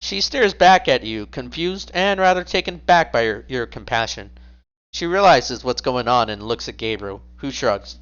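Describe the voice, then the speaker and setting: A man's voice: medium pitch, expressive, normal speed, a bit bright, clean tone, highs cut off. A man narrating a tabletop role-play as game master, telling the player what they do in the second person.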